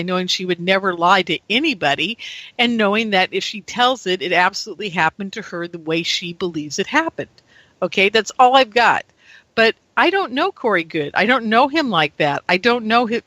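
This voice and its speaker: A woman on a talk-radio call-in show, ranting animatedly and acting out credulous listeners in a higher voice. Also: pushed and bright, no room sound. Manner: ranting, mimics gullible listeners in raised voice. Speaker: radio guest.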